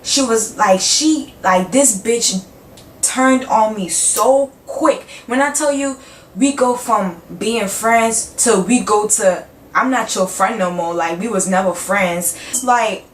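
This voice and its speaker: A young woman with a higher voice speaks slowly in a casual storytime vlog, cursing freely and acting out both sides of every conversation in an animated way. The audio sounds roomy, from a distant mic with a faint background hum.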